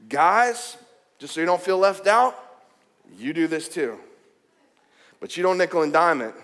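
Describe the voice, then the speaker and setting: A man preaching a sermon, animated and joking as he calls out to the congregation. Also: high voice. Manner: animated, jokey, calls out to the crowd. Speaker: pastor. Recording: long hall reverb.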